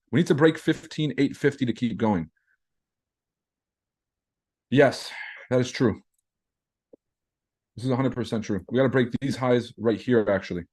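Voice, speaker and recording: A man's voice: medium pitch, a little mellow. A man hosting a live trading stream, chatting casually in a brash, profane, joking way while reacting to chat messages. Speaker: trading livestream host.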